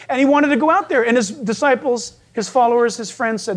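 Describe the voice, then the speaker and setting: A man's voice: extremely high pitch, brisk, hardly any pauses. A male preacher works through a scripture passage with humor. His voice rises and falls a great deal, and he keeps slipping into other people's voices to make his points. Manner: animated, joking, acts out voices. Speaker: pastor. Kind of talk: sermon.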